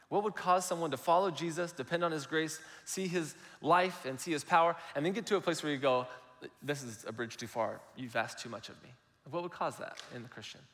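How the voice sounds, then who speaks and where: A man's voice: on the high side, fairly bright tone. Man preaching in a reverberant hall. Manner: conversational, explanatory preaching. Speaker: pastor. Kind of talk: sermon.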